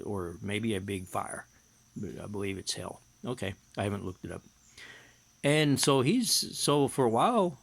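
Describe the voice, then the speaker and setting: A man's voice: fairly low pitch, fairly bright tone. A middle-aged man, a hypnotherapist, telling a personal story in a casual, matter-of-fact way while reading and translating from his notes.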